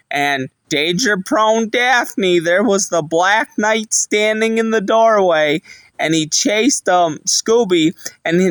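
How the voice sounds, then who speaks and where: A man with a fairly high voice retells a cartoon episode in unhurried, rambling fashion. He strings events together plainly, one after another. The sound is close and dry, with no room around it. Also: fairly bright tone, no echo, low-quality recording. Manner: rambling, plain storytelling with many "and" links.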